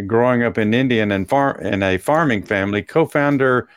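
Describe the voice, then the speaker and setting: A man's voice: medium pitch, a little fast, clean tone. A man co-hosting a casual talk show, reading news items aloud and breaking in with his own asides. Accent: Texan. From Texas. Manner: reads articles aloud with asides and chuckles. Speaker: co-host.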